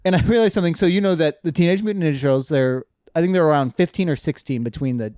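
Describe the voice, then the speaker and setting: A man's voice: a little high, quick pace, a little mellow, no room sound, studio quality. A man co-hosting a podcast, chatting casually, laughing often and telling stories about his job. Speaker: podcast co-host. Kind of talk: casual chat.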